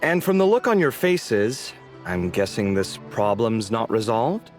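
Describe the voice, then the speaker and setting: Dramatic chatty dude, lively up-and-down voice, bickers. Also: male voice, on the low side. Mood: friendly. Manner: expressive, theatrical, quick to bicker. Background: game music.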